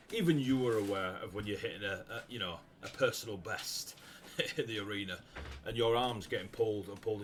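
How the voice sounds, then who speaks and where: A man running a tabletop game as game master, narrating the scene with a lively manner and frequent laughs. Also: lowish voice, a little hiss or hum. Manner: lively, laughs often, bursts into shouted character lines.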